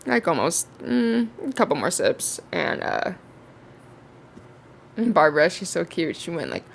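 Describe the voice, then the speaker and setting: A woman's voice: lowish voice, very animated, unhurried, gravelly, a little hiss or hum. A young woman telling a casual storytime vlog, chatty and swearing freely, with lots of fillers. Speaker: vlogger.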